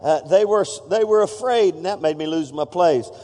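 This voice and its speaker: A man's voice: a little high, normal speed, mellow. A man preaching a sermon to his congregation in a church, playful and feisty, stopping often to joke with the room. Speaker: pastor. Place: church sanctuary. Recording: long reverb of a church hall.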